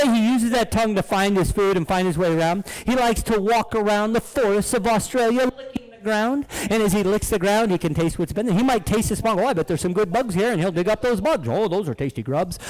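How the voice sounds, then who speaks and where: A man's voice: sits high, poor audio. A man presenting live animals to children in a playful, joking way, laughing often. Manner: jokey, animated, talks to kids, laughs often. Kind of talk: playful kids' show presentation.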